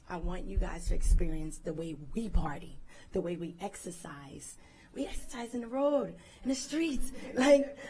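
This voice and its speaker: A woman who is a reality TV cast member giving an excited, effusive speech at an event. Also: mid-range voice, low-quality recording.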